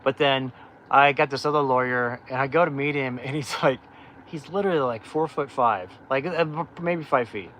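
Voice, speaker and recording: A man's voice: mid-range voice, normal speed, fairly bright tone, slight background noise, poor audio. A middle-aged man hosting a livestream, telling his life story in a candid, rambling way with lots of fillers and restarts. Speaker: off-grid channel host.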